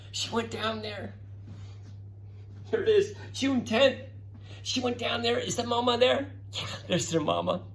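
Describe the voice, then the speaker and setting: A middle-aged man telling children a science story, calling each child by name and getting excited as he goes. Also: sits high, rough recording. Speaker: presenter talking to children. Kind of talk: storytelling science talk for kids.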